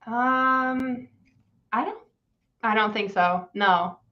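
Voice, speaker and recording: A woman's voice: on the high side, extremely slow. A woman guest on a live-stream interview, hesitating with fillers and laughing often as she answers. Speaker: guest, business founder. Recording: dull lo-fi stream audio.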